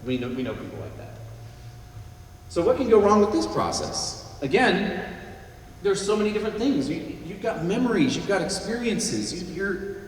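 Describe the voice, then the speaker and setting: Man, higher voice, lively, joking guest speaker, distant echoey hall. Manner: animated, joking, acts out quick voices. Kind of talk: luncheon talk on listening skills. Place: event hall at a luncheon.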